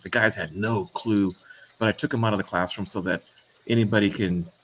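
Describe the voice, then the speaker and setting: A middle-aged man in casual chat, telling a story haltingly with many restarts and "uh"s. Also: lowish voice, fairly even intonation. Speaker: co-host.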